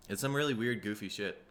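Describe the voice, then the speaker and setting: A man from Minnesota, hosting a casual solo podcast, tired and rough in the throat, rambling and swearing freely. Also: mid-range voice, background noise. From Minnesota, USA. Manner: rambling, profane, laid-back. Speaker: podcast host.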